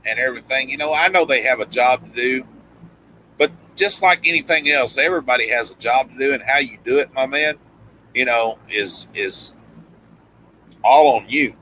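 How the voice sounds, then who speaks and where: A middle-aged Tennessee man with a plain Southern US country accent hosts a casual live-stream chat, rambling with frequent "you know" fillers and restarts. His mid-range voice is very bright and edged, and he talks fairly quickly. The recording is low quality, with a faint hum underneath.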